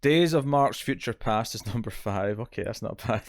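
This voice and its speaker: Podcast co-host, male, lively and chatty, dry close-miked sound. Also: on the low side, moderate pace, dry recording. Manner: animated, laughs often, acts out characters' lines. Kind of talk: casual review chat.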